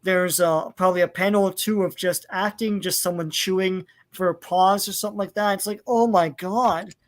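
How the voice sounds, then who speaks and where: A man's voice: sits high, flat delivery, fairly quick. A man co-hosting a casual podcast, opinionated and rambling with many fillers, swearing in his rants. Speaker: podcast co-host. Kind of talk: casual chat.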